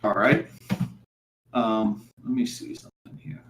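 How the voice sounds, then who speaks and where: A man's voice: lowish voice, fairly even intonation, a bit bright, a little hiss or hum. Man running a tabletop game, echoey room. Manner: halting, filler-heavy narration. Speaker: game master.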